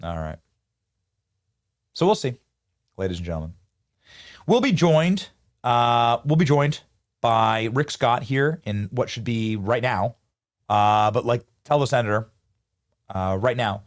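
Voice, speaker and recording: A man's voice: mid-range voice, expressive, measured pace, long pauses. A man hosting a live political commentary show, riffing animatedly and talking to his producers and chat.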